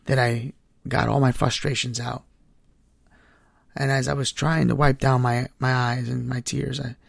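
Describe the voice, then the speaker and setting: Man, gravelly voice, earnest faith testimony, close dry mic. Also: medium pitch, no room sound. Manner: earnest, heartfelt storytelling. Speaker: podcast host.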